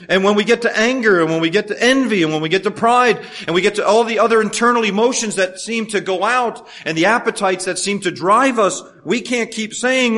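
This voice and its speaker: A man preaching a sermon as a pastor, animated, swinging between loud emphasis and hushed tones, with folksy humorous asides. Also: sits high, a little fast, hardly any pauses.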